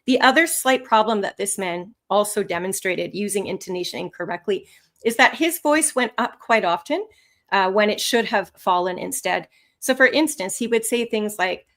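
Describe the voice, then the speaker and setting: A woman instructor teaching English test skills on a live webinar, with lively, rising and falling intonation. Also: medium pitch, normal speed.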